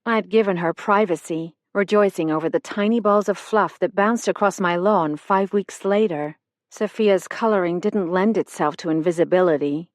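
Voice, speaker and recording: A woman narrating a mystery audiobook in an even, measured voice from a close studio mic. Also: on the low side, no echo. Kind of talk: scripted narration.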